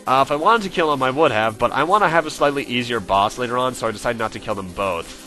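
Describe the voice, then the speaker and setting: A man's voice: mid-range voice, animated, fast talker, pushed and bright, faint music behind. A man hosting a let's play, chatting casually about the game as he plays and often correcting himself mid-sentence. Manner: chatty and self-correcting, with frequent fillers. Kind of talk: casual gameplay commentary.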